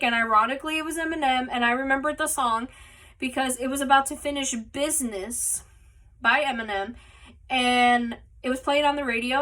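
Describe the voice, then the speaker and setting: A woman's voice: high-pitched, sharp tone, far from the mic. A woman casually telling a personal story as a podcast host, rambling with lots of "like" and "you know", recorded on a phone. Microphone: phone mic.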